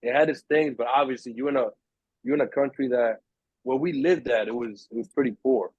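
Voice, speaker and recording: A man's voice: medium pitch, fairly quick, husky, no room sound, dull audio. A young man telling a story in casual chat with friends, acting out the other people's lines. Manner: animated storyteller, acts out voices in quotes. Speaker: podcast host.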